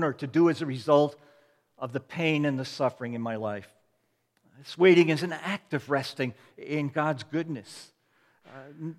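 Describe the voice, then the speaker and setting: Pastor preaching in a reverberant church. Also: male voice, fairly high pitch. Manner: preaching with repeated refrains and swells of emphasis. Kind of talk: sermon. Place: church sanctuary. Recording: long reverb of a large hall.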